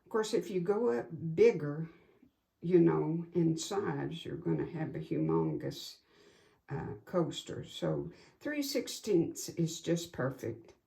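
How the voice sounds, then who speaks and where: A woman giving an unhurried, homey step-by-step sewing tutorial as a quilting instructor. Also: deep voice, sing-song, gravelly, warm tone.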